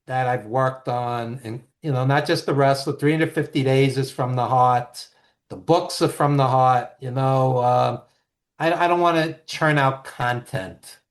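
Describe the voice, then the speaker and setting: A man, a guest on an interview show, telling stories in an animated, emphatic way with frequent restarts. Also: medium pitch. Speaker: guest, author and producer. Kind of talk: storytelling interview talk.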